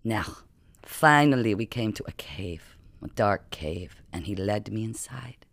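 A man reading the lines of a strange ageless boy who talks in a crisp, odd accent and an unsettling matter-of-fact way, in an audiobook. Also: lowish voice, expressive, measured pace, a bit bright, no echo. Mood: storytelling.

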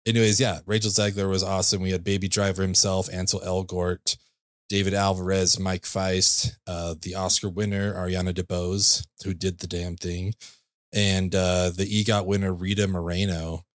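Casting: male podcast host, very low voice, upbeat and rambling, dry close mic. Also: level tone, moderate pace, no room sound. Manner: enthusiastic, laughs often, loose filler-heavy phrasing. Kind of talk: casual movie podcast chat.

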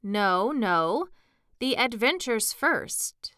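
A woman reading as the Gryphon, a bossy male beast from a storybook who lectures with impatient solemnity. The voice is smooth and sits on a dry close mic, taken at a measured pace. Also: medium pitch, lively intonation, fairly bright tone, no echo.

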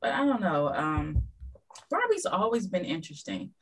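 Husky, animated woman telling stories. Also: fairly low pitch, moderate pace, rough recording. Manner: lively storyteller who acts out dialogue. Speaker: podcast guest. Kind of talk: casual chat.

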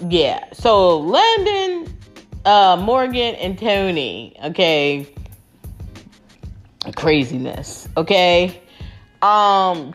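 A woman chatting casually to her viewers, rambling with lots of fillers and restarts and calling them y'all. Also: mid-range voice. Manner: talks to her audience as y'all. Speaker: vlogger recapping a reality show.

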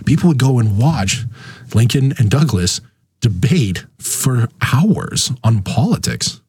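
A man's voice: mid-range voice, big pitch swings, slow, darkish tone, slightly rough, dry recording. A man talking casually about politics, acting out quoted people with big jumps in his voice.

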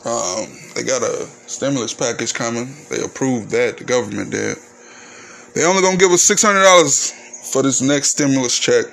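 A man's voice: mid-range voice, normal speed, creaky, a bit bright, a little hiss or hum. A man hosting his own podcast, talking casually in a candid, ranting, profane monologue. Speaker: podcast host.

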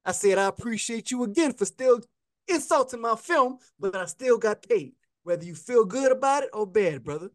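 A man's voice: high voice, animated, normal speed, dry recording, studio quality. A man co-hosting a podcast, casually telling a story and acting out the back-and-forth he quotes. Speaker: podcast co-host.

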